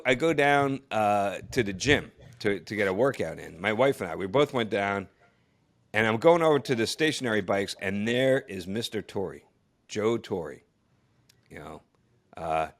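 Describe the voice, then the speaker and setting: A man in casual podcast chat, telling a long story with halting restarts and frequent laughter, acting out the other people he quotes. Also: fairly low pitch. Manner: animated storyteller who acts out quotes, laughs often; halting, with many restarts and fillers. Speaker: podcast co-host, former astronaut.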